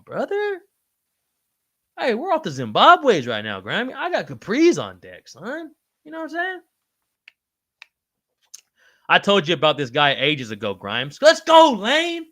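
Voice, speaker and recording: A man's voice: no room sound, studio quality. A man hosting a livestream, chatting casually and swearing freely as he reads and answers viewer comments by name. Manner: pitch jumps high when excited. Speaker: livestream show host.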